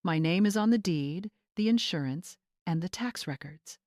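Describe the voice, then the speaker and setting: A woman voicing a retired homeowner in her seventies who speaks with calm, clipped authority. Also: lowish voice, normal speed, no echo, studio quality, lightly acted. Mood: commanding. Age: 70s.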